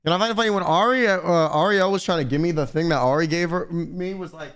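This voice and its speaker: A young man streaming, chatting casually and swearing, slangy and animated as he rants to his chat. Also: on the high side, fast talker, smooth.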